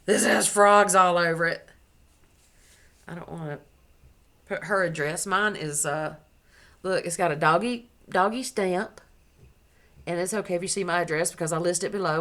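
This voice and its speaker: At home indoors, a woman who vlogs about crochet chats casually to the camera, gushing over the gifts she shows off and correcting herself as she goes. Her voice is on the low side and a bit bright.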